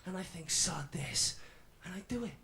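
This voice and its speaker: The recording is very noisy, carrying a high-pitched, creaky male voice with lively intonation at a normal speed. An actor is playing a Welsh stand-up comic in his twenties, edgy and defiant, performing a swaggering radio-drama routine.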